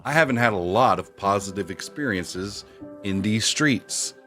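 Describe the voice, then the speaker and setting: A man's voice: fairly low pitch, lively intonation, measured pace, a bit bright, faint music behind. A middle-aged man streaming a game, chatting casually in slangy talk and laughing often. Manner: laid-back slangy, laughs a lot. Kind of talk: casual live-stream chat.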